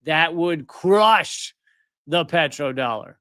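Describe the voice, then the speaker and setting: High, bright-voiced ranting male commentator. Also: lively intonation, slow pace, dry recording, studio quality. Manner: sarcastic, heated, mocking. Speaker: political commentary host. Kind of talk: live commentary rant on news clips.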